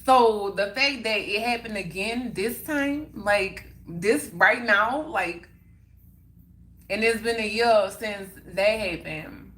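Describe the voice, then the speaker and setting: A woman's voice: mid-range voice, slow pace, fairly bright tone. A young woman chatting casually on a livestream, answering viewer comments and repeating her points for emphasis. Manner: emphatic and repetitive, circling back on points. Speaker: livestream host.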